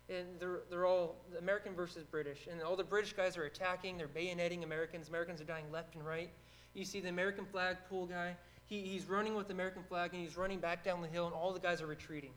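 High-voiced man teaching a Bible study. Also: low-quality recording. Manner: casual and energetic, acts out shouted quotes.

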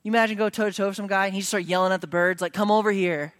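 A man preaching a sermon, moving between casual asides and loud, emphatic declarations, at times dropping to a hush. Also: sits high, level tone, very fast, no room sound. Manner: conversational preaching that swings from hushed to loud and emphatic. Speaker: pastor.

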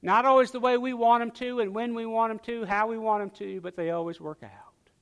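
Pastor guy preaching, high voice, loud then real quiet, big echoey church sound. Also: steady tone, fairly quick, gravelly, clear, resonant tone. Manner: preacherly, swings from loud emphatic to hushed. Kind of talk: sermon.

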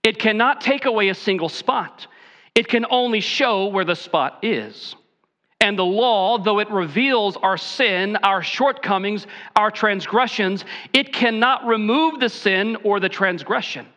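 A man's voice: high-pitched, unhurried, pushed and bright. A pastor preaching an earnest sermon with folksy asides, a man speaking in a dull lo-fi recording.

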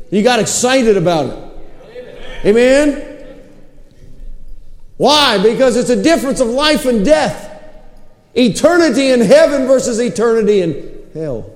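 A man preaching a sermon, telling a scripture story with lively acted-out quotes. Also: extremely high pitch, reverberant, long reverb tail.

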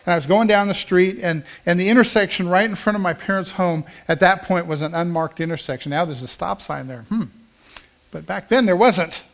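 Earnest, slightly high-voiced middle-aged preacher man. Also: brisk, vocal fry. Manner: earnest, conversational, with frequent restarts. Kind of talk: sermon storytelling.

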